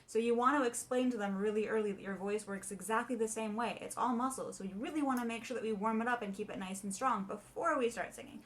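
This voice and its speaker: A young adult woman voice teacher explaining warm-ups in a chatty way and singing short demonstrations. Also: on the high side, quick pace, hardly any pauses. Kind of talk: casual video lesson.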